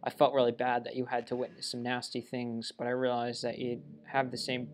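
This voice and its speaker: A man's voice: mid-range voice, completely flat delivery, a little fast, a little hiss or hum, natural voice. A man playing through a game and reading a lovestruck young woman character's lines aloud in his own voice, with small stumbles along the way. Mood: adoring. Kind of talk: let's play reading game dialogue aloud.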